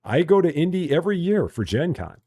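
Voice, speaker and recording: A man's voice: a little high, brisk, husky. A man from Chicago with a general Midwestern accent, chatting casually and rambling while live-streaming a game. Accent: general Midwestern American. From Chicago, USA. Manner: relaxed, chatty, self-mocking, rambling with restarts. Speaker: gaming streamer.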